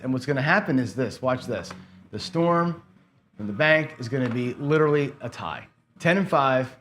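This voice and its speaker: Talking to himself as he plays, a man gives rambling, profane play-by-play on his gambling channel in a casual way. His voice is mid-range and a bit bright.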